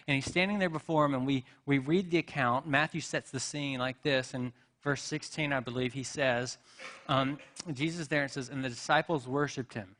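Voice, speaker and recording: A man's voice: mid-range voice, fairly bright tone. A man preaching a sermon in a church, telling stories in a conversational way with asides and rhetorical questions. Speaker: pastor. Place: church sanctuary.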